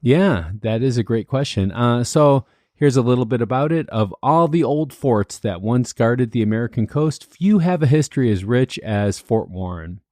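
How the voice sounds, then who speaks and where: A man's voice: medium pitch, expressive, moderate pace, few pauses, a little mellow, no echo, studio quality. Easygoing skeptical male podcast co-host. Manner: joking, easygoing banter. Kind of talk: casual podcast chat.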